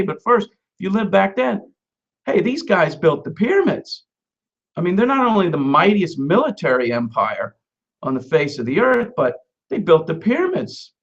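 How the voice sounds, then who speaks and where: Emphatic rabbi preaching, lo-fi sound. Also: male voice, fairly high pitch, fairly bright tone. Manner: emphatic preaching, quoting scripture with Hebrew phrases; conversational asides with humor. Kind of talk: sermon. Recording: dull lo-fi recording.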